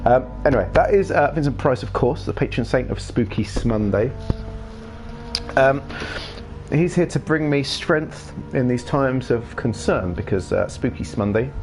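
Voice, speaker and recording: A man hosting a live gaming stream, chatting in a rambling, casual way and laughing often. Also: medium pitch. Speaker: livestream gaming host. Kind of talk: casual chat while streaming a game.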